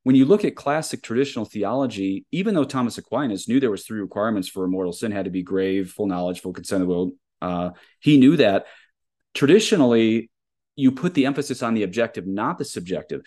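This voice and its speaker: Priest hosting a chat, lowish voice, earnest, goes on at length. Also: male voice, lively intonation, fast talker, a little mellow. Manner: earnest, explains at length with rising emphasis. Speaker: podcast host, Catholic priest. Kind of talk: conversational interview.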